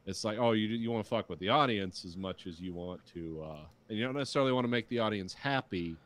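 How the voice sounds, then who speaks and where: Low-voiced man ranting casually. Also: quick pace. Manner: ranting, profane, mocking quotes. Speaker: podcast co-host. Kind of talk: casual chat.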